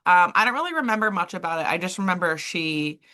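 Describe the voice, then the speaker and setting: A young woman waxer co-hosts a podcast in casual chat. Her voice is fairly low but bright and sharp, and it moves widely in pitch. She laughs often and acts out quotes from her stories. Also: expressive, fast talker.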